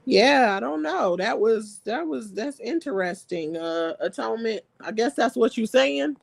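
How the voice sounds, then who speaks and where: A woman's voice: on the high side, animated, a little slow, vocal fry, dry recording. A woman hosting a live stream, chatting casually and reading viewer comments aloud, laughing often.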